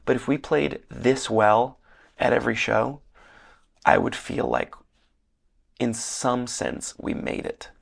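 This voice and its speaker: A young man from Northern Michigan hosting a casual solo podcast, rambling earnestly with many fillers, his voice hoarse and worn. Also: medium pitch, fairly even intonation, slow, long pauses. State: losing his voice, slightly hoarse. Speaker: podcast host. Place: hotel room.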